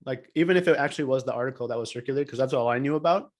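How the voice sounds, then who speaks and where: A man in a casual podcast chat, blunt and swearing freely. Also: medium pitch. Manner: blunt, swears, quick-fire. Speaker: podcast co-host.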